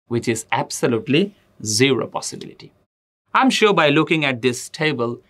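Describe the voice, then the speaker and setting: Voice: mid-range voice, a bit bright. A teacher giving a grammar lesson, addressing students directly and repeating example sentences with emphasis. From Bangladesh. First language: Bengali.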